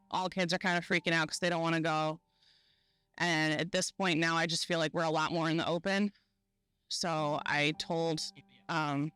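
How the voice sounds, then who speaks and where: Flat-voiced woman recounting testimony. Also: low-pitched. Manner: halting, measured retelling with frequent fillers. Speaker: shooting survivor recounting events. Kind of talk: documentary interview testimony.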